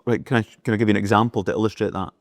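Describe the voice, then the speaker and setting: A middle-aged business leader, speaking rapid-fire in a lowish voice with fairly even intonation, tells anecdotes as an interview guest in casual conversation and acts out the dialogue as he retells them. The recording is dry and studio quality.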